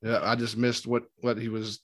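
A man in a casual movie chat who talks quickly and haltingly, with many restarts. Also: mid-range voice, little pitch movement, fairly bright tone.

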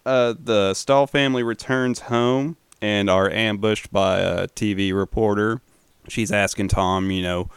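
Casting: relaxed male film commentator, deep, smooth and resonant, casual and profane. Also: a little slow, no echo. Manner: relaxed, swears casually, uses fillers. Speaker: film recap host.

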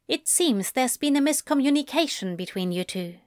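A woman's voice: sits high, lively intonation, normal speed, no echo, studio quality, pitched above the performer's own voice. A woman voicing a prim, chiding male angel. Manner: chiding, fussy.

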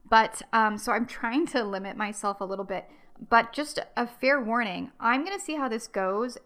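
A woman's voice: fairly high pitch, creaky, a bit bright. A young adult woman from the United States hosting a casual solo history podcast, chatty and rambling, with many ums and restarts. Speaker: podcast host.

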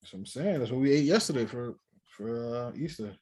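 Man, husky voice, casual podcast banter, laughs a lot, slangy. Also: medium pitch, expressive, a little fast, darkish tone. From West Indian family. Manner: joking, laughs often, loose slangy banter. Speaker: podcast co-host. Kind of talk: casual chat.

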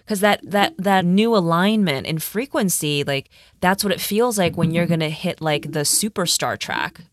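A woman hosting a casual talk, speaking softly and affirmingly with a spiritual bent. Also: fairly low pitch, animated, moderate pace, no echo, studio quality. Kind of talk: casual podcast conversation.

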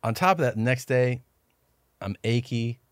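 A man's voice: mid-range voice, normal speed, dry recording. A man chatting as a podcast guest, telling a long story with swearing and acted-out quotes. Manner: rambling, swears, acts out quoted dialogue. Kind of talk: casual storytelling chat.

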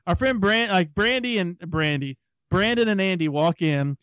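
Chatty man with a higher voice. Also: lively intonation, normal speed, fairly bright tone, no echo. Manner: rambling anecdotes with frequent restarts and fillers. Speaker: podcast co-host. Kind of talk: casual chat, storytelling.

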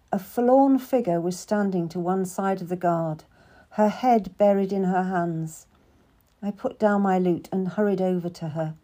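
A woman narrating a first-person historical novel in an even, measured storytelling manner. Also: medium pitch. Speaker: audiobook narrator.

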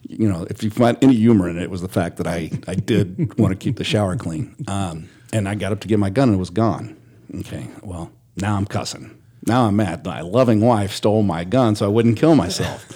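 A man with a very low, husky voice gives a candid personal testimony as a podcast guest. His tone is dark and mellow. He speaks earnestly and haltingly, restarts often, and sinks to a hush when he turns reflective. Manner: drops to a hushed, low delivery in reflective moments.

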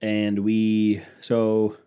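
A man's voice: fairly low pitch, monotone, very slow, dark tone, clear, resonant tone. A young man hosting a solo podcast, telling rambling, profane stories in a scatterbrained way. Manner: rambling, profane, scatterbrained, mocking voices for quotes. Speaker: podcast host. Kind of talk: casual solo podcast storytelling.

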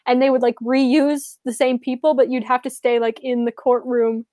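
A woman's voice: high voice, little pitch movement, normal speed, dark tone, no room sound. A woman in a casual podcast chat who laughs often and acts out little scenes. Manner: giggly, acts out bits in funny voices. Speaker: podcast co-host.

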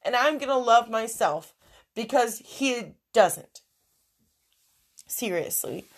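A young woman with a gravelly, creaky voice hosts her own podcast alone, speaking frankly and emotionally. She swears freely and swings between heated rants and hushed, sheepish asides. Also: a little high, lively intonation, slow pace. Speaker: podcast host. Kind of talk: candid solo podcast monologue.

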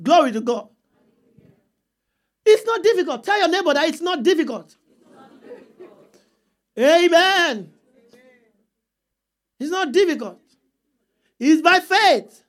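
A woman's voice: extremely high pitch, expressive, slow pace, pauses often. A woman preaching a sermon, repeating points and calling for answers from the congregation. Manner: call-and-response with the congregation, emphatic repeats.

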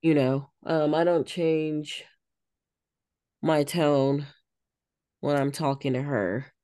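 A woman's voice: low voice, steady tone, slow, warm tone, no room sound, clean studio sound. A woman co-hosting a podcast in casual chat, thoughtful and searching for her words as she explains herself. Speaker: podcast co-host.

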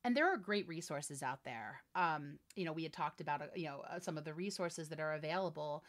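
A woman in her forties, a voiceover artist and director, chatting in an interview with lively, emphatic energy and frequent laughs. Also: sits low, a little fast. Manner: animated, laughing, emphatic storytelling. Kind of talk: casual interview chat.

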